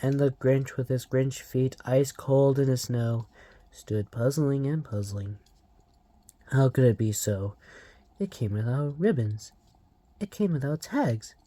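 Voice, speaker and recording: A channel host slowly reading a storybook aloud, emotional about the story. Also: mid-range voice, dark tone, no echo.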